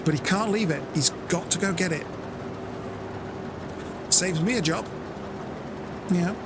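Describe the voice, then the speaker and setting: British male streamer, higher voice, casual and self-mocking, vehicle noise in the background. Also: a little slow. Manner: chatty, self-mocking, acts out friends in high voices. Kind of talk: casual gameplay chat. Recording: game sounds and vehicle noise behind.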